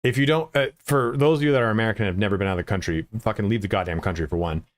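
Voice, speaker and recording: A man's voice: fairly low pitch, rapid-fire. Rambling, profane male game streamer. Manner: rambling, profane, lots of filler words. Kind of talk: casual stream chat.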